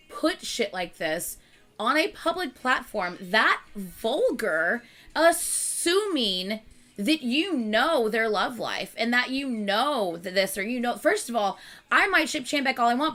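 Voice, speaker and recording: A woman hosting her channel, chatting casually with viewers in an animated, exasperated rant. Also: fairly high pitch, measured pace, soft background music. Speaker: channel host.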